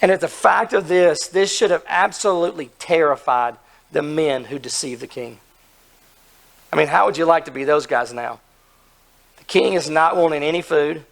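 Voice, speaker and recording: Man, hoarse, gravelly, fairly high voice, earnest sermon, emphatic. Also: moderate pace, fairly bright tone. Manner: earnest, emphatic preaching with rhetorical questions. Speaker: pastor.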